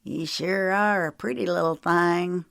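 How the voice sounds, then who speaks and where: A woman voicing a slow, sneering male villain. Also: fairly low pitch, fairly even intonation, creaky, fairly bright tone, no echo, studio quality. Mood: sly. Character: sly menacing male thief, low drawl.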